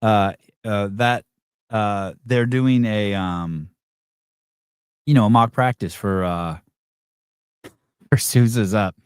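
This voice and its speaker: Male podcast host, lowish voice, dry close sound; sarcastic, rambling, swears freely. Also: slow pace, long pauses, a little mellow, clean tone, no room sound. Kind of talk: live call-in chat.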